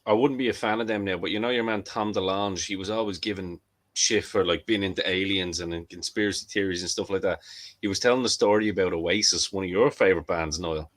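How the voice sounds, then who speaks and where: Bloke, lowish voice, rambling storyteller on a wrestling podcast, keeps restarting. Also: male voice, quick pace, fairly bright tone. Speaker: podcast co-host. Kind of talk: casual wrestling chat.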